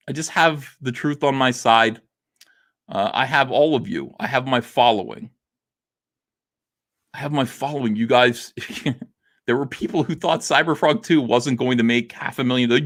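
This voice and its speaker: A man hosting a comics livestream, talking in a theatrical monologue that swings between quiet and loud, with frequent laughs. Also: mid-range voice.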